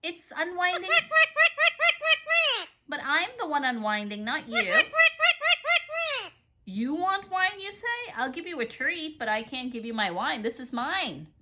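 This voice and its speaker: Bright, sing-song woman baby-talking her pet. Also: sits high, very animated, unhurried, long pauses, slight background noise. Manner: playful sing-song scolding, coaxing baby talk. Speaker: pet owner filming her parrot. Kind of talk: doting talk to a pet. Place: home indoors, by a fireplace.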